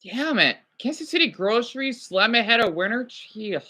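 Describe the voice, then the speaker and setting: Chatty bright-voiced woman vlogger. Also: fairly high pitch, expressive, normal speed. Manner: chatty, talks to herself, frequent exclamations. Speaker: vlogger reacting to a news clip. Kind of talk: casual chat.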